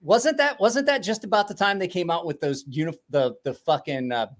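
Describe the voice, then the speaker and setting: A man's voice: high-pitched, fairly quick. A man in his forties telling rambling stories in casual, profane chat, swearing constantly and laughing often. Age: 40s. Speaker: podcast host.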